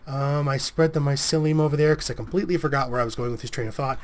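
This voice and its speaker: A man's voice: medium pitch, steady tone, fast. A man giving casual, rambling gameplay commentary as a let's play host, a bit sniffly with a cold coming on. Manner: rambling, self-correcting, chatty.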